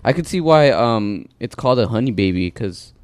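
A Californian man with a medium-pitched, animated voice talks at a normal speed. He's co-hosting a laid-back podcast over beers, rambling through stories and swearing freely.

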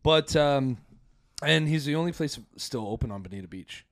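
A man's voice: on the high side, expressive, moderate pace, dry recording, studio quality. A man co-hosting a podcast, telling stories in rambling, profane chat with many restarts and laughs. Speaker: podcast co-host. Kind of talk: casual podcast banter.

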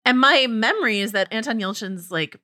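A woman co-hosting a podcast in loose, joking chat, laughing and leaning on "like". Her bright voice moves animatedly up and down. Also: on the high side, lively intonation, fairly quick. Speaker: podcast co-host. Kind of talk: casual chat.

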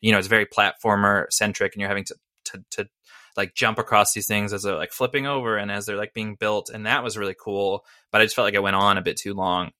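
A man's voice: on the low side, fairly even intonation, fast, sharp tone, no echo, studio quality. A man co-hosting a casual podcast chat about video games, rambling with lots of fillers and little laughs. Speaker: podcast co-host.

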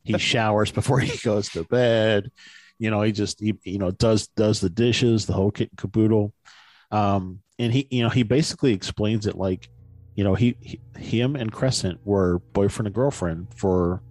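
A man's voice: fairly low pitch, normal speed, a little mellow, no room sound. A man on a podcast casually retelling a story in a rambling way, with many fillers and restarts.

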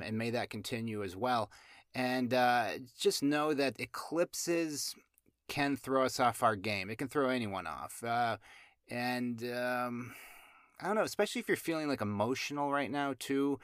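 A man's voice: mid-range voice, fairly bright tone, no echo, clean studio sound. A man hosting a show about astrology, chatting casually with lots of fillers and restarts and some playful asides. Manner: rambling, many fillers and restarts. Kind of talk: casual chat.

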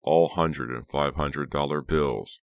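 A man's voice: a bass voice, slow, no echo. A man voicing a groggy, injured teenage boy who groans through his story.

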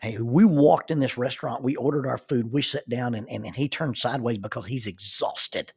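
A man telling a personal story as a life lesson, animated and acting out the people in it. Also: medium pitch, normal speed, vocal fry, husky. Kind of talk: spoken storytelling.

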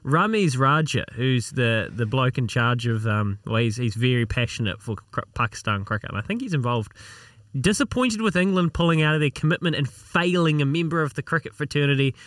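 A man's voice: medium pitch, expressive, a little fast, a bit bright, no echo, clean studio sound. A man, co-hosting breakfast radio in easygoing, chatty talk. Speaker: radio co-host. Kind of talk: casual breakfast radio chat.

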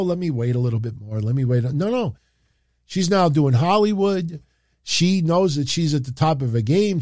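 A man's voice: on the high side, darkish tone, no room sound, studio quality. A man with a New York accent, rambling through opinionated wrestling talk on a livestream. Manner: rambling and opinionated, many filler phrases. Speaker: wrestling commentary streamer.

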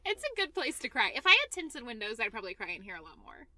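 A woman's voice: fairly high pitch, big pitch swings, quick pace, sharp tone, no echo. A young woman co-hosting a podcast, playfully recapping a TV show from her notes and laughing often. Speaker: podcast co-host. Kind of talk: casual chat recapping a TV show.

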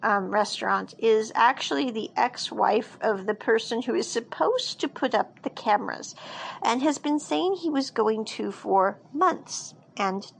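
A woman's voice: fairly high pitch, measured pace, creaky, slight background noise, low-quality recording. A woman casually recapping a drama episode, rambling with frequent fillers and restarts.

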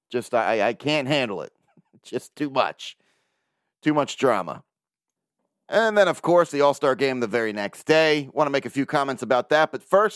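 A man's voice: mid-range voice, fairly bright tone, no room sound, clean studio sound. Profane ranting male sports podcaster. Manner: profane, ranting, laughs often. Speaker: podcast host. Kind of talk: casual solo sports talk.

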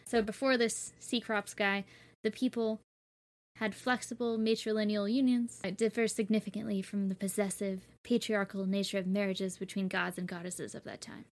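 A young woman talking casually and chattily, retelling old stories with lots of "like". Her voice sits at an ordinary middle pitch. She sounds relaxed and conversational. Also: normal speed. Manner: chatty, explaining with frequent "like" and laughs. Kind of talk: casual chat about mythology.

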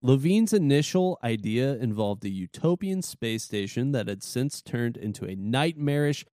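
A man's voice: mid-range voice, expressive, moderate pace, warm tone, no echo, studio quality. A man co-hosting a chat, reading out game history facts and joining in the banter. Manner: reads facts, then laughs along. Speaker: podcast co-host.

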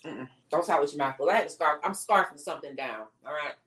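A woman's voice: sits low, fast, a bit bright. A woman co-hosting a casual live-stream chat, talking in a laid-back, slangy way. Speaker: co-host.

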